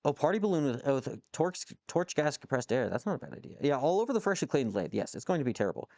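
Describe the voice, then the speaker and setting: Streaming live from his home workshop with a lathe, a man machines while answering chat, rambling, swearing and reacting to comments. His voice is a little high, sing-song and a bit mellow, he talks fast, and the recording is dry.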